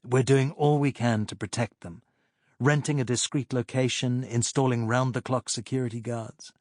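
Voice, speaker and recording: A man voicing a steady policeman who speaks in a measured, slightly pompous way. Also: mid-range voice, no room sound, studio quality, natural voice. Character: calm steady country policeman.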